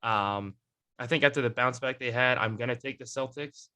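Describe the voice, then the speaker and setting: A young man with a bright, lively tone hosts a casual sports chat. He rambles along, full of fillers and restarts. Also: medium pitch, moderate pace, clear, resonant tone. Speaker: podcast host.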